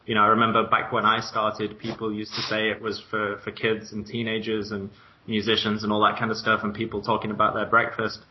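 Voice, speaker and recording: A man's voice: on the low side, completely flat delivery, a little fast, muffled recording. A man co-hosting a podcast, explaining ideas in an enthusiastic, talkative way. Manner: enthusiastic, explanatory, laughs lightly. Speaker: co-host. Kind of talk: conversational business podcast.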